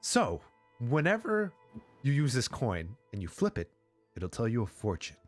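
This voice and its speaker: A man's voice: medium pitch, wildly swooping pitch, a little slow, soft background music. A man voicing an eager, fumbling traveling merchant in a tabletop game, with hesitant sales patter full of ums. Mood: chirpy.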